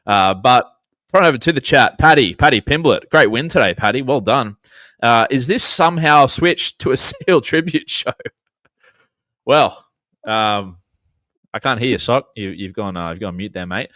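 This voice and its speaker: A man's voice: mid-range voice, lively intonation, moderate pace, bright, forceful tone, no room sound. An Australian man hosting a casual sports chat, laid-back and jokey, swearing freely. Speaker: podcast host reading chat.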